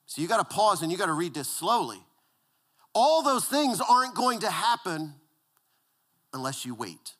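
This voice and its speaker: A male pastor delivers a conversational sermon, repeating words and sinking into a hushed, low voice for emphasis.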